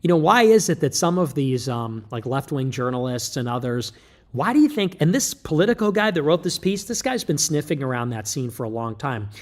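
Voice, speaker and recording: A man's voice: mid-range voice, big pitch swings, brisk. A man delivering an emphatic, lecturing livestream monologue, loose and joking in tone. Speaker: livestream commentator.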